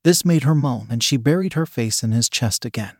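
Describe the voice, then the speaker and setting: A man with an ordinary mid-pitched voice narrates an adult romance story at a steady, unhurried pace. The recording is dry and close, with no echo.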